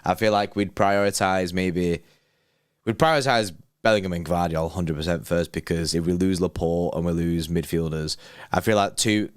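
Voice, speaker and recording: A man's voice: deep voice, moderate pace, clear, resonant tone, no echo, clean studio sound. A young man co-hosting a casual football livestream, chatty, laughing often and reading out viewer messages. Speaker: livestream co-host.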